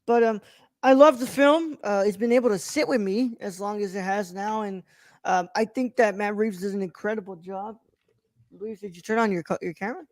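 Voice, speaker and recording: A man's voice: sits high, a little fast, dry recording. A man hosting a casual film review podcast, rambling with many fillers and restarts, recorded close and dry. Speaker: podcast host.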